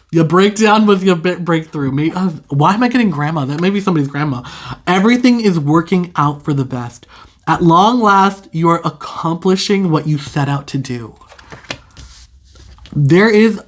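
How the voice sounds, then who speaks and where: A young adult tarot reader giving a casual intuitive reading straight to the viewer, chatty and full of fillers, stretching out key words. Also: mid-range voice. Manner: chatty, filler-heavy, drawn-out keywords.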